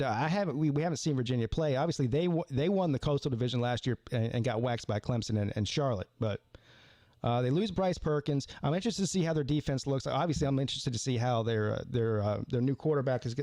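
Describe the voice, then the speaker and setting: A man's voice: medium pitch, warm tone, no room sound. A man hosting a live sports call-in stream, rambling casually with stammered restarts and repeated words.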